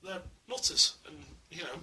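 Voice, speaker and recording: A man's voice: high-pitched, expressive, moderate pace, sharp tone. A man at home reviewing a collectible statue in a casual, enthusiastic, rambling way, full of fillers, recorded on a small camera mic. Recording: distant mic with faint hiss.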